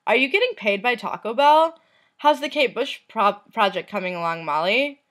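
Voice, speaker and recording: A woman vlogger reading messages aloud, in a soft, unhurried voice that trails off at the end of lines. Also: fairly high pitch, lively intonation.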